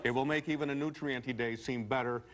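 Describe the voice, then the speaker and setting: A man's voice: mid-range voice, steady tone, fast. A man giving a comic editorial commentary in a mock-earnest manner, building to exaggerated outbursts. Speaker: commentator on a comedy news segment. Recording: noisy TV broadcast.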